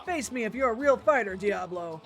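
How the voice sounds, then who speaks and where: A woman's voice: fairly high pitch, lively intonation, fairly quick, fairly bright tone, faint music behind. Boastful game fighter, challenging, woman reading it aloud.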